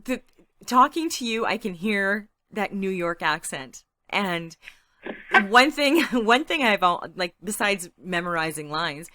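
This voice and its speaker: A woman's voice: medium pitch, lively intonation, measured pace, pushed and bright, slight background noise. A woman hosting an interview, asking questions in a friendly, giggly way. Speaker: interviewer, host. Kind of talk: casual interview chat.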